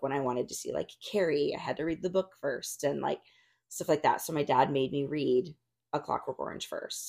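A chatty woman in her thirties with a lowish voice tells a story on a podcast. Her talk is loose and full of "like" and "um" fillers, and her retellings of what people said come out lively. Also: creaky. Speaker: podcast guest, retired roller derby skater. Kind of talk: casual storytelling chat.

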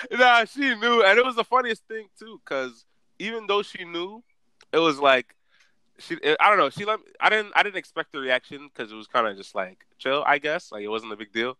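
A young man chatting casually, telling animated stories in slang. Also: fairly high pitch, normal speed, clear, resonant tone, no room sound. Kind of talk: casual chat.

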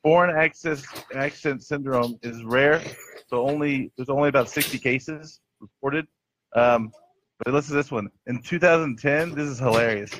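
A man hosting a jokey podcast chat, delivering bits with a deadpan tone. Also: mid-range voice, moderate pace, a little hiss or hum. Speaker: host. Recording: dry, dull lo-fi sound.

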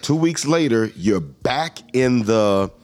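A man hosting a casual talk show, teasing his guests and laughing often, with drawn-out emphatic phrases. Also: medium pitch, animated, a little mellow, soft background music. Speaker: podcast host. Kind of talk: casual chat.

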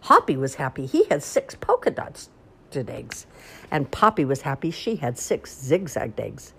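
A woman reading a children's picture book aloud in an expressive, sing-song way. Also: deep voice, measured pace, vocal fry, husky. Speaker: storyteller. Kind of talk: children's storybook read-aloud.

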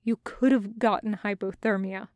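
A woman doing a soft-spoken, guilt-stricken male alien. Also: mid-range voice, fairly even intonation, moderate pace, no room sound, studio quality, lightly acted. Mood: worried. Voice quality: soft, hushed. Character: gentle, guilt-ridden male alien captor. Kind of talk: podfic voice acting.

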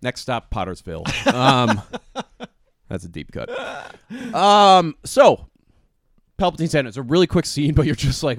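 A man's voice: mid-range voice, unhurried, long pauses, no room sound. Hyped young guy on a podcast, voice bouncing all over, dry close mic, cusses a ton. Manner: excitable, swears a lot, laughs often, acts out scenes. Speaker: podcast co-host. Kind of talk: casual chat.

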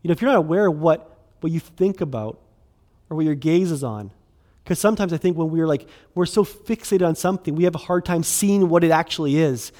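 Chatty pastor, slightly high voice. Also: male voice, darkish tone. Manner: conversational, filler-heavy, restarts, quick bursts. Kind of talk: sermon.

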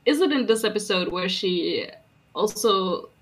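A young woman co-hosting a podcast in casual chat, excitable and gushing. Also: a little slow. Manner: excitable, gushing, swings high when amazed. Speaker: podcast co-host.

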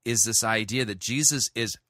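A man preaching a sermon, reading scripture aloud and then explaining it in an earnest, halting way with many restarts. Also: on the low side, bright, forceful tone, dry recording, studio quality. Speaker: pastor. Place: church.

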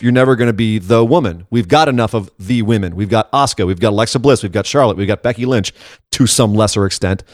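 A man co-hosting a casual podcast who rants with sarcasm and animated frustration. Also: mid-range voice, no room sound, studio quality. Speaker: podcast co-host. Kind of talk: casual wrestling commentary chat.

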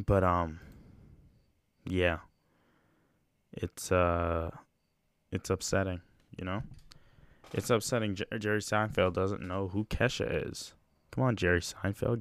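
Low-voiced man rambling on his podcast. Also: steady tone, takes it slowly, long pauses, no echo. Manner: rambling, loose and conversational with frequent fillers. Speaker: podcast host. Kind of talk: casual solo podcast chat.

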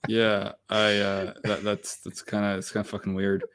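A man's voice: lowish voice, completely flat delivery, normal speed, fairly bright tone. A man co-hosting a podcast, talking in blunt casual chat and swearing now and then. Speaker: podcast co-host.

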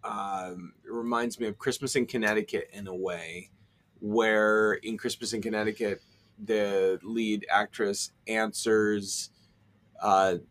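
A man's voice: on the low side, steady tone, fairly bright tone. A man co-hosting a podcast, chatting casually about holiday movies, hesitant and full of ums. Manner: slow, hesitant, many ums. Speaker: podcast co-host.

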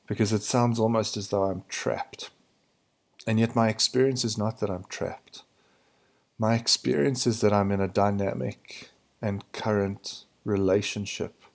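A man hosting a podcast, thinking aloud in a hesitant, searching way, his voice hoarse and gravelly in the early morning. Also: on the low side, a little mellow. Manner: searching, hesitant, restarts to find words. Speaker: podcast host. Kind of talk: reflective spiritual monologue.

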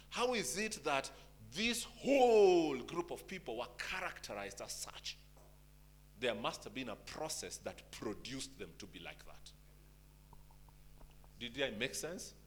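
A man's voice: mid-range voice, big pitch swings, unhurried. A man preaching a sermon, asking the congregation rhetorical questions and urging them to stay with him.

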